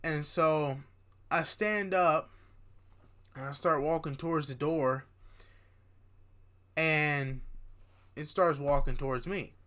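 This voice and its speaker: A man's voice: fairly high pitch, slow, pauses often. Tired young man telling a story. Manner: animated, rambling with restarts and asides. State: tired, yawning. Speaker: vlogger. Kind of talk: casual storytelling to camera.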